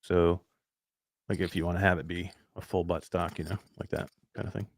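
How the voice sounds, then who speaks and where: Man, low-pitched, dry close sound; laid-back co-host who rambles and chuckles at himself. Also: little pitch movement, a little fast, no echo. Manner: rambling storyteller, many fillers, laughs at himself. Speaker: podcast co-host. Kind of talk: casual chat.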